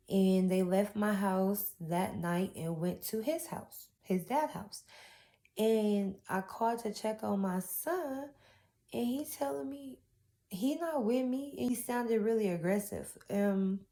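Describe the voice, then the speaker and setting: A woman's voice: medium pitch, warm tone. A young woman, telling her own painful story in a raw, heartfelt testimony. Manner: raw, heartfelt, with Southern-style casual grammar. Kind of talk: emotional personal testimony.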